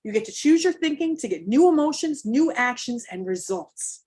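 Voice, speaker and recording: A woman's voice: fairly high pitch, lively intonation, moderate pace, a little mellow. A woman coach giving a live online workshop, emphatic and motivational, with casual swearing, speaking into a video call mic. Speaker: parent coach running a workshop.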